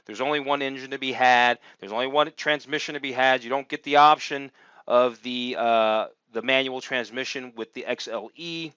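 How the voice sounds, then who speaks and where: A man's voice: medium pitch, moderate pace, sharp tone, smooth, no echo, lo-fi sound. A man giving a casual, upbeat car review, chatting and thinking aloud with lots of fillers as he goes. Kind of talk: casual screen-share review commentary.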